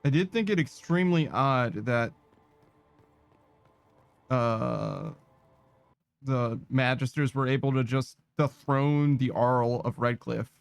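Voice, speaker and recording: A man's voice: mid-range voice, takes it slowly, creaky, pauses often, clean tone, no echo, soft background music. A man giving let's-play commentary in a sardonic, profane, rambling way. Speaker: gaming streamer.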